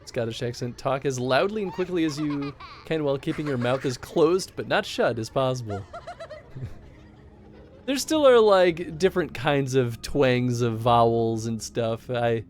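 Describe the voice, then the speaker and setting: A man's voice: mid-range voice, animated, a little slow. A man streaming a game, chatting casually and animatedly, laughing often. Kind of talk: casual gameplay chat.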